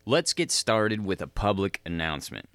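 A man with a very low, smooth voice riffs profanely as a podcast host. He rambles and chuckles through his stories. The sound is dry and close. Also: very animated, moderate pace, a bit bright, dry recording. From South Dakota. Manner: profane, rambling, laughs mid-sentence. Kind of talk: crude comedic monologue.

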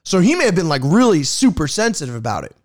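A man's voice: a little high, quick pace, no echo, clean studio sound. A man, a rideshare driver, telling a casual anecdote with profanity and acted-out dialogue. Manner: animated, profane, acts out dialogue.

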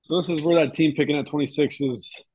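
A man's voice: on the high side, fairly even intonation, fast, darkish tone, husky, rough recording. A young man co-hosting a sports podcast, talking in blunt, profane banter. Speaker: podcast co-host. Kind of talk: casual sports chat.

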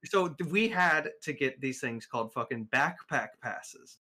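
A young man co-hosting a casual podcast, sarcastic and excitable, swearing heavily as he vents about school rules. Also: mid-range voice, a little slow. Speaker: podcast co-host. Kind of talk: casual ranting chat.

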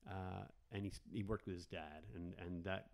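A man from Canada talks as a comedian guest on a podcast. His voice sits a little low, and he tells his stories in a loose, rambling way, often restarting his sentences. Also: normal speed, creaky. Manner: rambling, animated storyteller with frequent restarts. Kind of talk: casual podcast storytelling.

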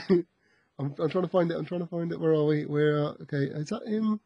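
A man co-hosting a casual podcast, asking questions and thinking aloud. His voice sits a little high and sounds a bit husky. The recording is close and dry, with no room sound. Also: fairly quick, no echo, highs cut off. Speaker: podcast co-host. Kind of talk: casual chat.

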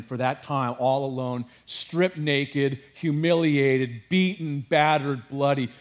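A man preaching a sermon with passion, dropping to a hush and rising to emphasis, with casual asides to his congregation. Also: mid-range voice. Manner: passionate, swings from hushed to emphatic. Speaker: pastor.

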